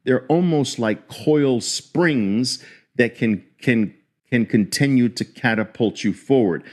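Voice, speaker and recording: A middle-aged man teaching chart patterns on a livestream, talking deliberately and often repeating words as he draws. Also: medium pitch. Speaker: trading instructor.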